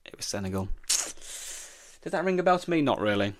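A man's voice: mid-range voice, very animated, normal speed, no room sound, clean studio sound. Young man thinking aloud on a quiz. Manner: thinks aloud, reading questions and guessing. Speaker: podcast host. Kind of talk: solo football quiz podcast.

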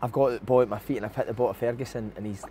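Quick-talking host. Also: male voice, medium pitch, steady tone, mellow, slight background noise. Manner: quick, prompting questions, swearing. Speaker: podcast host. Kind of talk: casual chat.

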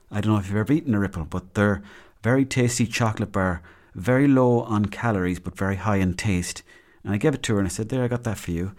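A man's voice: lowish voice, a little mellow. A man hosting a solo podcast, rambling and chatty, with a self-deprecating manner. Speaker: podcast host. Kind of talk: casual solo podcast monologue.

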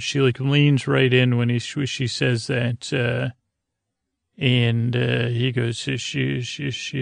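A man with a gravelly, flat voice slowly wanders through a bedtime recap of a TV episode, stopping and restarting often. The sound is dry and close, with no room around it. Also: mid-range voice, dry recording. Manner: meandering, halting, many fillers and restarts. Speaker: podcast host. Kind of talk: rambling sleep-podcast episode recap.

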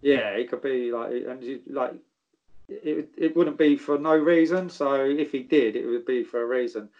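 A man's voice: mid-range voice, normal speed, lo-fi sound. A man, a former footballer telling stories in casual chat, swearing freely and calling people mate. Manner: laddish, swears freely, says mate and geezer.

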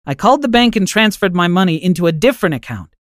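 A man voicing a kindly old grandmother in a storybook podcast, speaking softly and reassuringly. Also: sits high, sing-song, quick pace, dry recording, pitched above the performer's own voice. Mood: gentle, kindly. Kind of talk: storybook narration.

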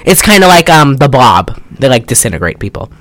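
A podcast co-host in a rambling, excitable, casual movie review chat, often laughing and swearing. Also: medium pitch, a little fast, dry recording.

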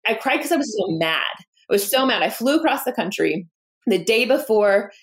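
Woman founder, 30s, candid and lively in interview, slips into quoted voices. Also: on the high side, fairly quick. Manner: animated, acts out quoted dialogue, laughs often. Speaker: founder and guest.

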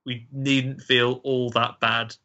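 A man's voice: mid-range voice, little pitch movement, slow, pushed and bright, lo-fi sound. A man hosting a podcast, retelling a film's plot in casual, joking chat and laughing often. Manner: chatty, joking storyteller who often laughs. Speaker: podcast host. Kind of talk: casual film recap chat.

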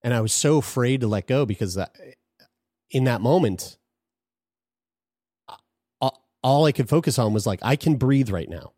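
A man's voice: mid-range voice, expressive, moderate pace, pauses often, mellow, dry recording, clean studio sound. A man telling a personal story in casual conversation, frank and profane, often restarting his sentences.

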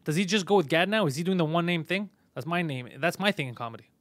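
A man's voice: a little high, animated, fast, a bit bright, no room sound. A man hosting a podcast in casual chat, laid-back and self-mocking, swearing freely. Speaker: podcast host.

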